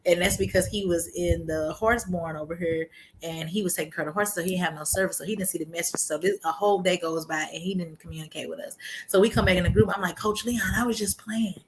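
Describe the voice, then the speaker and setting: A woman's voice: on the low side, fast talker, a little hiss or hum, rough recording. A woman, telling her faith testimony in casual chat, acting out quotes and laughing often. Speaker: guest sharing her testimony.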